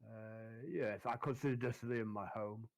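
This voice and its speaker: A man's voice: on the low side, fairly even intonation, moderate pace, vocal fry, no room sound. A man playing in a tabletop game, talking loosely and rambling with fillers. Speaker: player. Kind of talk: casual in-character chat.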